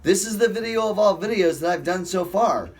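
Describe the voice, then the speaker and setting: A man's voice: high voice, lively intonation, a little fast, slightly rough. A man hosting a casual bible study, rambling playfully between jokes and scripture and stretching out words for effect. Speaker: host of a bible study show.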